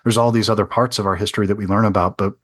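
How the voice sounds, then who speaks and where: Male podcast host, earnest, thinks out loud and restarts sentences, lowish voice. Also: fairly even intonation, very fast. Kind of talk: casual interview conversation.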